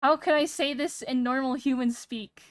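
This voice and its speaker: Soft-spoken young woman vtuber rambling, kinda monotone, high voice, dry close mic. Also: no echo. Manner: rambling, pausing every few words. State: sick. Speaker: VTuber streamer. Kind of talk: casual chat stream. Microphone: streaming mic with noise gate.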